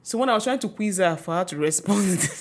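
A woman's voice: lowish voice, expressive, brisk. A woman from Nigeria co-hosting a casual podcast. She chats freely and keeps agreeing with short murmurs. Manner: chatty, agreeing often with short backchannels. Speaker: podcast co-host. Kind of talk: casual chat.

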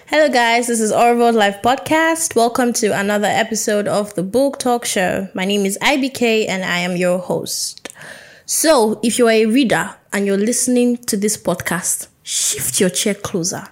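A young woman hosts a casual solo podcast, chatting playfully and acting out little conversations. She speaks at a normal speed with a medium-pitched voice.

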